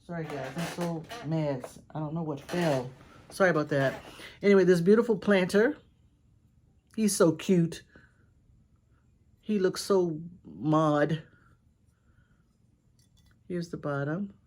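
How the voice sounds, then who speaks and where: A woman's voice: low-pitched, slow pace, long pauses, darkish tone, slight background noise. A woman reselling antiques, chatting casually to viewers while showing off items and gushing with repeated praise. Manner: chatty, addresses viewers directly. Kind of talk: casual haul show-and-tell.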